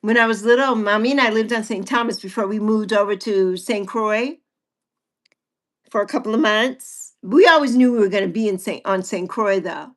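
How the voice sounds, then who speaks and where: A woman's voice: mid-range voice, normal speed. A woman in her sixties hosting a casual livestream chat with viewers, playful and teasing. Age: 60s. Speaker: livestream host.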